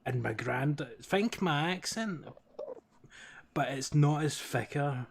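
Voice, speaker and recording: A man's voice: on the high side, animated, slow pace, gravelly. A Scottish man with a thick Glasgow accent tells a rambling, sweary story to his friends. His delivery is casual and easygoing, broken up by laughter. Faint noise sits under the voice. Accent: Glaswegian. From Scotland. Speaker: streamer. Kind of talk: casual gaming chat.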